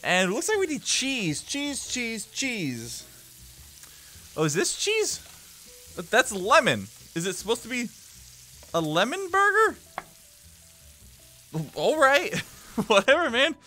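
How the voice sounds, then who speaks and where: A man's voice: high-pitched, pushed and bright. A man giving playful, joking commentary while playing a cooking game. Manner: playful, joking, talks to the screen. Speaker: gaming YouTuber. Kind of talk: let's play commentary.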